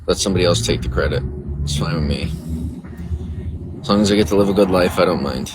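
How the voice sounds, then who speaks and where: A man's voice: deep voice, quick pace, background noise. A man casually chatting to viewers on a livestream outdoors, rambling and reading out chat messages. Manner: rambling, talks to viewers, reads chat aloud. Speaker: livestream host. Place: outdoors near a coffee shop.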